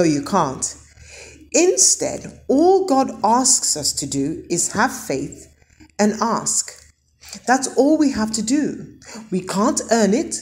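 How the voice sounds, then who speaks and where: A woman giving a children's church lesson, asking the kids questions and answering them. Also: medium pitch. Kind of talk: children's sermon.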